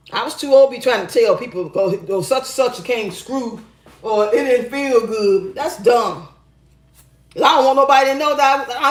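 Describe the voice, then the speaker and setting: High-voiced blunt woman in an echoey room. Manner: blunt, profane, laughing, animated storytelling. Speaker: advice show host. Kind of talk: casual chat reading viewer comments. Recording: roomy echo.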